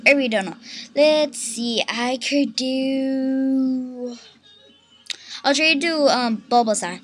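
A woman chatting casually to camera, hesitant and giggly, filling pauses with ums and teasing herself, with a slight cough. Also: sits high, a bit bright, faint music behind. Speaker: channel host doing character voices.

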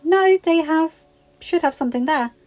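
A woman voicing a bossy, know-it-all teenage girl witch who talks briskly and fussily. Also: sits high, darkish tone, voice pushed up, lightly acted. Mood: eager. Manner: brisk, eager, fussy. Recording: slightly dull home recording.

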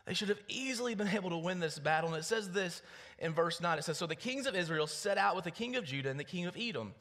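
A man preaching a sermon as the church's minister, earnest and emphatic, with dramatic pauses. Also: sits high, lively intonation, fairly bright tone. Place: church sanctuary. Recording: long hall reverb.

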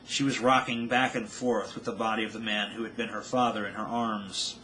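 A man's voice: on the low side, level tone, brisk, few pauses, sharp tone, slight background noise, low-quality recording. A man reading his own novel aloud with dramatic storytelling narration.

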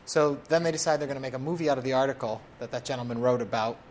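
A man hosting a TV interview, asking brisk, encouraging questions. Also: mid-range voice, over a noisy crowd. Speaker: TV interview host.

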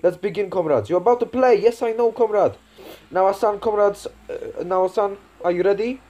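A man's voice: high-pitched, brisk, mellow. A man hosting a comedy channel, swearing a lot, laughing often and calling everyone comrade as he chats over a game. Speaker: comedy YouTuber host. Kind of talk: profane comedic gaming commentary.

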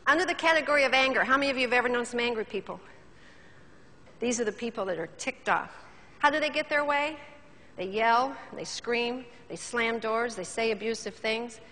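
A woman's voice: fairly high pitch, a little fast, big-room sound. A woman motivational speaker giving a theatrical keynote speech on stage to a live audience. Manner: animated, theatrical, addresses audience.

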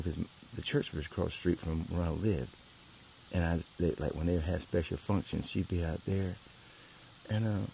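A man's voice: vocal fry, a little hiss or hum, rough recording. Folksy older man telling stories. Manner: folksy, swearing, animated, acts out his younger self in a high voice. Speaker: storyteller vlogger. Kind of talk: casual storytelling.

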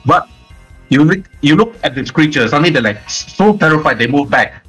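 Husky-voiced man narrating a tabletop game. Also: mid-range voice, animated, brisk, fairly bright tone, faint music behind. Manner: loose, rambling narration with fillers. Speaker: game master.

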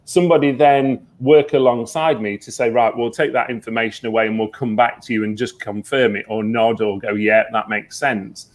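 A man, a psychic medium guest, telling stories earnestly in a relaxed interview, with many fillers. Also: medium pitch, moderate pace, few pauses. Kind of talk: conversational interview.

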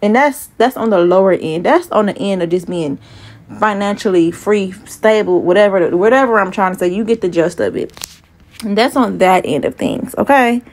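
A woman's voice: mid-range voice, normal speed, a little mellow. Blunt, brash young woman vlogger. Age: 20s. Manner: blunt, brash, swears freely. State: out of breath. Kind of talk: casual talk to phone camera. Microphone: phone mic with earbud.

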